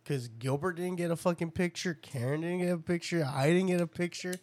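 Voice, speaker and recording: A man's voice: on the high side, a little fast, darkish tone. A man telling profane stories in casual chat, laughing often.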